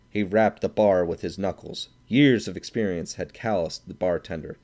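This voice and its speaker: A man narrating a classic short story aloud in a measured, steady audiobook reading. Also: deep voice. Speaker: audiobook reader.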